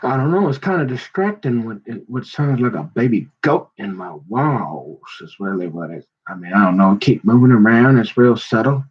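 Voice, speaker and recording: A man's voice: mid-range voice, animated, moderate pace, few pauses, husky. A man rambling casually in a slangy, digressive monologue, slipping into little imagined voices. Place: at home. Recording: dull lo-fi sound.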